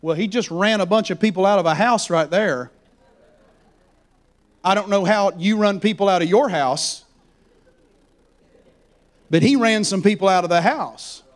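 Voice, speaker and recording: A male preacher with a notably high voice delivers a dramatic sermon. He drops into hushed, almost whispered asides, then builds to loud and fervent exhortation. His delivery is emphatic and full of swings in intensity. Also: a little slow, pauses often.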